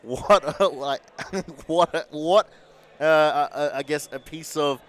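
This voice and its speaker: A man giving animated co-commentary and analysis on a futsal match. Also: a little high, slow. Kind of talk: live sports commentary.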